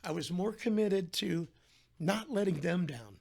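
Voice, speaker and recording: Gravelly man telling his story. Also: high voice, a little slow. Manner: animated, acts out the voices of people in his story. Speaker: podcast guest. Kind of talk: casual storytelling interview.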